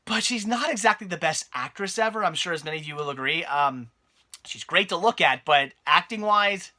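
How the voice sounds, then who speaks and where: A man's voice: sits high, expressive, normal speed, bright, forceful tone. A man giving a casual, rambling spoken movie review, full of fillers and restarts.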